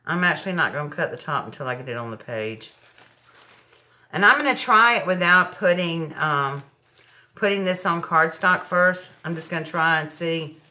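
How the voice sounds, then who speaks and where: A woman's voice: sits low, moderate pace, bright, forceful tone. A woman hosting a live craft tutorial, chatting straight to her viewers as she works. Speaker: craft show host. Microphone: laptop mic.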